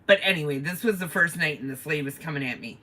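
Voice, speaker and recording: A woman with a rather low voice and a bright, forceful tone, spinning a story during a casual live chat. She tells it in an animated way and swears freely. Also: fast talker. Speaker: co-host of a live chat stream.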